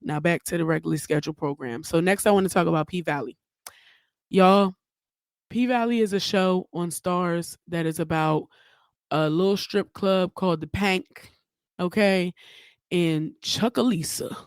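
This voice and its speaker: A woman's voice: on the low side, unhurried, no room sound, clean studio sound. A woman hosting her own podcast, giving blunt, profane, chatty commentary in a casual solo talk. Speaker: podcast host.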